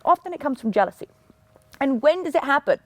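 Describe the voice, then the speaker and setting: Young woman hyping people up on her podcast, bouncy lively voice, super emphatic. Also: high voice, quick pace, no room sound. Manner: energetic, emphatic, mimics other people in asides. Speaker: podcast host and fitness coach. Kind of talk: motivational talk.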